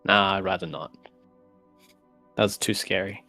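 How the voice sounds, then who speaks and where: A man's voice: low-pitched, steady tone, unhurried, creaky, bright, forceful tone, soft background music. A man playing a tabletop game, talking in a casual, hesitant way. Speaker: player. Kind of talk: casual tabletop role-play.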